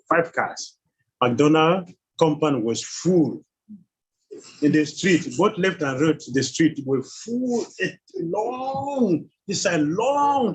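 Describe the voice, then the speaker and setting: Husky-voiced man teaching a scripture class. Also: fairly high pitch, rough recording. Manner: animated, quizzes the class with rhetorical questions; chuckles while teaching. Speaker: spiritual teacher.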